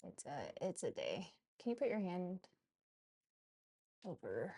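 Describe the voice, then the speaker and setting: A middle-aged woman with a hoarse voice, a chef hosting her cooking show in casual livestream chat and swearing casually. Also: fairly low pitch, huge pitch swings, slow, dark tone. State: hoarse, has lost her voice.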